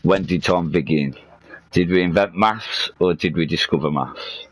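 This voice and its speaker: A man with a very deep voice chats casually over a headset during a game stream. He muses playfully and laughs often at his own jokes. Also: a little slow. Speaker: livestream host. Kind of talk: casual chat while gaming.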